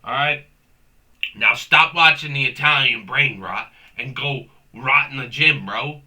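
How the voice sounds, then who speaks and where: A man's voice: medium pitch, measured pace, bright, forceful tone. A young man hosting a comedic rant, rambling and profane, tossing in "bro" constantly. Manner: profane, rambling, slangy, says "bro" a lot. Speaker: host.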